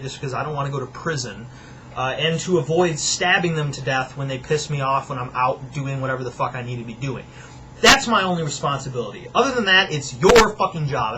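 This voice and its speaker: Bright-voiced man ranting angrily. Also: on the high side, slight background noise, low-quality recording. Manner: angry, profane, sarcastic ranting. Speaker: vlogger. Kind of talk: profane ranting monologue.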